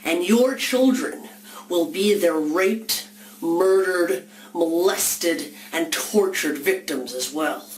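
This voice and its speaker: A woman's voice: lowish voice, slow pace, a little hiss or hum, low-quality recording. Woman delivering a fierce polemic monologue. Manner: dramatic, accusatory, rhetorical, swelling to declamation. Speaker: speaker delivering a philosophical monologue.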